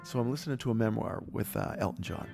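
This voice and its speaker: A man co-hosting a podcast, chatting casually and telling animated stories with frequent laughter. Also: lowish voice, fast talker, vocal fry, over music. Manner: animated storyteller, laughs often. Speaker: podcast co-host. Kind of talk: casual chat.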